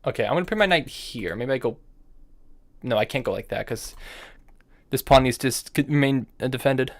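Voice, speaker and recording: A man talks himself through a live chess game at a middling pitch, trailing off mid-thought and weighing each move out loud. Now and then he breaks into nervous fretting and scolds himself for a slip. It is casual streaming commentary. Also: brisk. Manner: thinking aloud move by move, muttering half-finished phrases.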